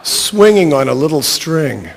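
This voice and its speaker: A middle-aged man reading his own short story aloud in a dry, even storytelling manner. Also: on the high side, unhurried, vocal fry, long reverb tail, background noise.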